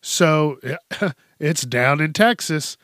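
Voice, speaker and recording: A man's voice: on the high side, animated, extremely slow, a bit bright, dry recording, clean studio sound. A man hosting a podcast, telling a news story in a casual, profane way and often laughing. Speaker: podcast host.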